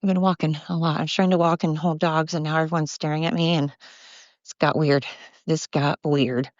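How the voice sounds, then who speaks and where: A woman's voice: deep voice, little pitch movement, quick pace, no room sound, lo-fi sound. A breathless woman rambling bluntly into her phone as she walks outdoors with her dogs, swearing freely and drifting between topics. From Oregon, USA. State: out of breath from walking. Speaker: podcast host. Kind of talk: rambling walk-and-talk monologue. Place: outdoors by a river, walking dogs. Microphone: phone held while walking.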